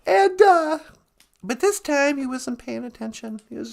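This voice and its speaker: A woman's voice: high voice, animated, a little slow, creaky. A woman telling a traditional animal tale in a chatty, humorous, conversational way. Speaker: storyteller. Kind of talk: casual storytelling.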